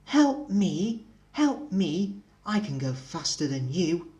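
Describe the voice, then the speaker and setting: A man's voice: high-pitched, expressive, a little slow, pitched above the performer's own voice. A man voicing a cheeky, boastful little male tank engine in a storybook reading. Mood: indignant.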